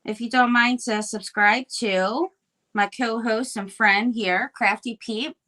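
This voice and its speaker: A woman's voice: on the high side, fairly even intonation, slow, pushed and bright. Upbeat woman chatting on her craft livestream, lots of ums, fiddling with clay while she talks. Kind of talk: casual chat while crafting live.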